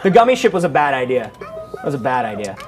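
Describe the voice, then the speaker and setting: A man's voice: medium pitch, sing-song, fast. A man co-hosting a charity livestream who teases the others with joking banter. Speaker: livestream co-host. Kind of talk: casual charity livestream chat. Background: music.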